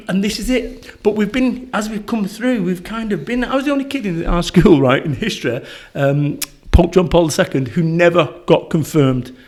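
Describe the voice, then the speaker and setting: A middle-aged man with a Northern English accent, a podcast guest telling stories in a blunt, swearing, animated way. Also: high voice, normal speed. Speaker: podcast guest, motivational speaker. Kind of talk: casual conversational interview.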